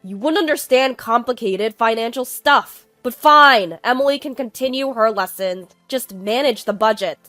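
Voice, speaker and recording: A smug, belittling husband speaks in short, dismissive lines, put on by a woman narrator. The voice sits fairly high, and the sound is dry and close. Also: lively intonation, moderate pace, hardly any pauses, no room sound, soft background music, close to an everyday voice. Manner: dismissive, curt. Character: arrogant belittling middle-aged husband.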